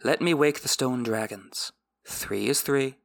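A man voicing a seductive female priestess, speaking in a hushed, breathy half-whisper. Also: medium pitch, a little slow, no room sound.

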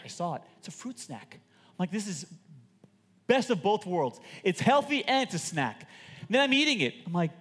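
A man preaching a sermon as a pastor, animated and emphatic with joking stories, in a large church auditorium. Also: on the high side. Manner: animated, emphatic, jokey storytelling. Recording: long hall reverb.

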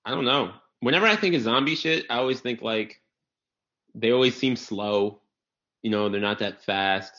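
A young man chatting on a podcast, swearing casually and riffing fast with jokes. His voice is mid-range. The sound is dull and lo-fi. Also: mid-range voice, bright, forceful tone. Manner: profane, joking, quick riffs. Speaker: podcast co-host. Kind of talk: casual comedic chat. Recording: dull lo-fi recording.

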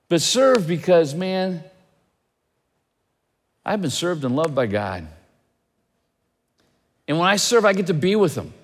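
Male pastor, sermon delivery, lively swinging pitch, long echo of a church hall. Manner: animated preaching with rhetorical questions.

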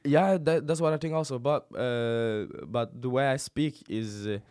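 Young comedian, Norwegian-tinged English. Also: male voice, medium pitch, darkish tone, clean tone, no room sound, clean studio sound. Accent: Norwegian-influenced English. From Turkish Kurdistan. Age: young adult. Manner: joking, laughs often, halting restarts. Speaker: guest comedian. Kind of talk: casual podcast chat. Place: studio.

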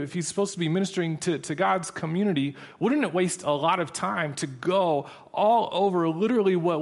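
A man preaching a sermon in a humorous, conversational storytelling manner. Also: sits high.

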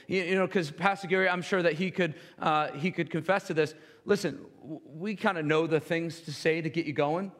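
Casting: young male worship pastor, earnest, stammering restarts, slightly high voice, long church echo. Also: a bit bright. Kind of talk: sermon. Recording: long hall reverb.

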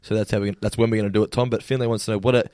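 Fast-talking, low-voiced Australian man. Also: flat delivery, warm tone, no echo, studio quality. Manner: chatty, laughs often, self-correcting. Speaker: podcast co-host. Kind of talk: casual chat.

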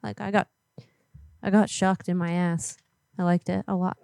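A woman's voice: lowish voice, little pitch movement, moderate pace, vocal fry, warm tone, dry recording, clean studio sound. A young woman chatting crudely and playfully on a call, giggling and acting out mock panic. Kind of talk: crude prank-call banter.

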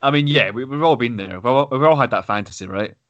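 A man's voice: medium pitch, fast, a bit bright, no echo, lo-fi sound. A man co-hosting a casual podcast, laughing often and running a game segment with easygoing patter. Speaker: podcast co-host.

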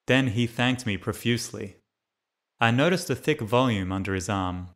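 A man's voice: lowish voice, normal speed, fairly bright tone. A man narrating a memoir as an audiobook reader, reading steadily and lifting his voice for the quoted lines.

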